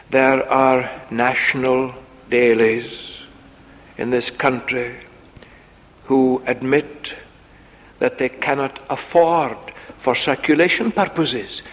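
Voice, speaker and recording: Male preacher for a slow, weighty sermon; dull, muffled recording with a long echo. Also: medium pitch. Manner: slow, deliberate, with dramatic sarcastic quoting. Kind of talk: sermon, Bible exposition.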